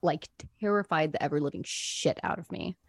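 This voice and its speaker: A woman with a fairly low voice hosts a casual podcast over a remote headphone call. The sound is dry and close, and she keeps her guest going with quick affirmations. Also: breathy edge, no room sound. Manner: encouraging listener with frequent short affirmations. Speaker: podcast host. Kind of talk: casual interview chat.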